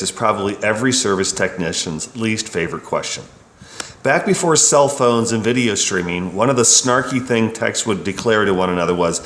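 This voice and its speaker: A man's voice: lowish voice, moderate pace, a bit bright. A bike shop service writer reading his own work story in a wry, opinionated way. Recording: roomy echo.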